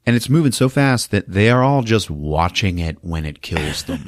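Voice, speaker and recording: Lively low-voiced man recapping a movie. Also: moderate pace, no room sound, clean studio sound. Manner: laughs often, acts out scenes with sound effects. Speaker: podcast host. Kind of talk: animated comedic movie recap.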